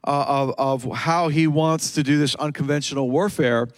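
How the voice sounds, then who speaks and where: A man preaching a sermon in a church service, emphatic, repeating key words and slowing down for quoted scripture. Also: on the high side, steady tone, no echo. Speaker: pastor.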